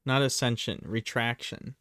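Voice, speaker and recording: A man's voice: mid-range voice, fairly even intonation, normal speed, pushed and bright, dry recording, studio quality. A man running a tabletop game, chatting playfully and narrating a pet cat's antics. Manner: playful, narrates a cat in silly voices. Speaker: game master. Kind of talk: casual chat.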